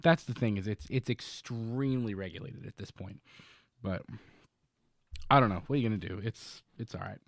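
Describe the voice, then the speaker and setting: A man's voice: on the low side, moderate pace, gravelly, no room sound. A man co-hosting a podcast, telling a long story in casual chat, rambling with many fillers and restarts. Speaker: podcast co-host.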